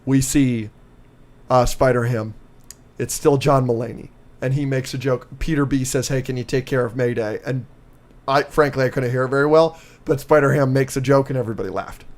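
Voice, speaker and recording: A man co-hosting a podcast, recapping with excitement and lots of fillers in casual chat. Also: mid-range voice, fairly quick. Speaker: podcast co-host.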